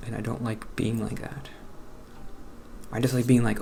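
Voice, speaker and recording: A man in his late twenties talking softly and haltingly over a video game, trailing off and questioning himself. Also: medium pitch, flat delivery, creaky, a little hiss or hum. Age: late 20s. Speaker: gaming channel host. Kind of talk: casual let's-play commentary with personal talk.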